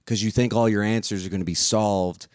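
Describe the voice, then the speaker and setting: Brief: young guy, lowish voice, loose cursing ramble, dry close sound. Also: steady tone, brisk, a little mellow, clean tone, dry recording. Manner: rambling, profane, laughing often. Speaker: video reviewer. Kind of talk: casual spoken review.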